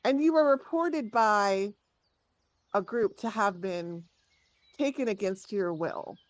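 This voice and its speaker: A woman's voice: mid-range voice, animated, takes it slowly, dry recording. Woman playing a curt male guard captain. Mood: stern. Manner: curt, officious orders.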